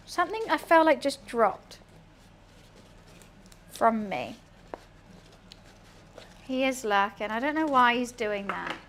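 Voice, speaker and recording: A woman's voice: a little high, big pitch swings, slow, pauses often, fairly bright tone, a little hiss or hum. A young British woman streaming, chatting casually and rambling while she cooks, laughing often. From United Kingdom.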